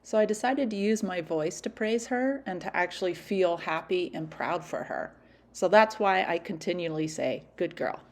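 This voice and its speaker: A woman dog trainer narrates in a calm, explanatory voice-over. Her voice sits fairly low and stays even. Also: moderate pace.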